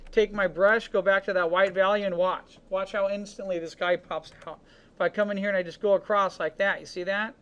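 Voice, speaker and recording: Brief: man, casual art teacher, talks through every brush stroke in an easygoing screen-recorded lesson. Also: smooth. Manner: relaxed, talks while painting, narrates each brush stroke; casual, with fillers like "boom" and "you know". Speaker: digital painting instructor.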